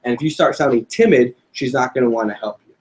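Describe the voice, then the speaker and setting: A man's voice: mid-range voice, fast talker, darkish tone. A young man giving a casual sales training talk to a group, joking and quizzing his listeners. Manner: casual, joking, addresses audience with questions.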